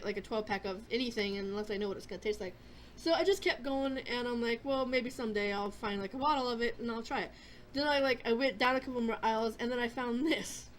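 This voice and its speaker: A woman's voice: on the high side, a little hiss or hum. A young adult woman hosting a gaming vlog, chatting casually in a rambling way with many fillers and restarts. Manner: chewing a cough drop. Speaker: gaming channel host.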